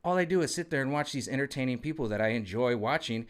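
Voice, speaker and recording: A man's voice: mid-range voice, lively intonation, quick pace. A man in his forties talking casually to camera in a rambling, conversational way, often checking in with his viewers. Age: 40s. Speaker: vlogger.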